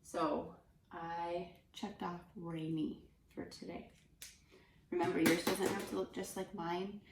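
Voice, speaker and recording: Gentle kindergarten teacher with a gravelly voice. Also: female voice, on the low side, little pitch movement, reverberant, far from the mic, very noisy. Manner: gentle, encouraging, slow and clear, dropping into soft whispers. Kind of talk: remote class lesson for young children. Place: room at home.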